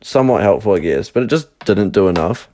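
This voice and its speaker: Young guy w a lowish voice rambling thru a story, lots of "like", swears a bunch. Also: expressive, fairly quick, warm tone, slight background noise. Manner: rambling anecdote full of "like" and swearing. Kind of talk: casual chat.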